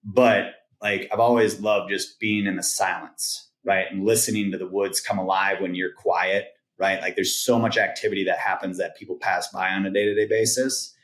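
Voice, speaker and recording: A man's voice: sits low, steady tone, normal speed, hardly any pauses, fairly bright tone. A man, a podcast guest, telling a personal story in a laid-back way, often tagging on "like" and "right?". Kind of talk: casual storytelling. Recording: roomy echo.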